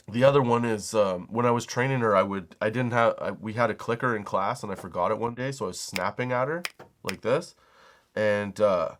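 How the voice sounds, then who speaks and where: A man's voice: mid-range voice, fairly bright tone. A middle-aged man hosting a comedy podcast, telling stories in a loose, profane rant, laughing at his own jokes and acting out the people he quotes. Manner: acts out quoted people in raised voices. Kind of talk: casual comedic storytelling monologue.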